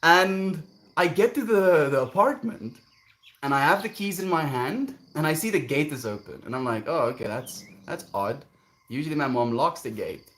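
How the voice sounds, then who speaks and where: A man's voice: fairly high pitch, animated, normal speed, fairly bright tone. A man, streaming and telling a story casually, rambling and repeating words as he goes. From South Africa.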